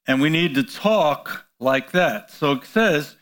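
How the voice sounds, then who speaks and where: Guy preaching a sermon, kinda high voice, slow and drawn out, lots of call and response. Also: expressive, fairly bright tone. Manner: call-and-response questions to the congregation; frequent "you know" fillers, exclaims hallelujah.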